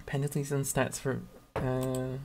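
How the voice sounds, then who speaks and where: A game streamer with a Northern English accent from around Sheffield, chatting casually and rambling, often laughing mid-sentence and softening their own accent. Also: mid-range voice, monotone, a little slow, a little hiss or hum. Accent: Northern English, Sheffield area. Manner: trims own accent toward neutral. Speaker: game streamer reading chat. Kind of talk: casual live-stream chat.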